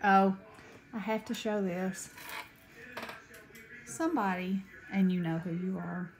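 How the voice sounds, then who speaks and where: Middle-aged Southern woman, unhurried, chatty craft vlogger, paper crinkling softly behind. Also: medium pitch, fairly even intonation, a little hiss or hum, rough recording. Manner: chatty, gushing, Southern-friendly. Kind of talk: casual haul chat.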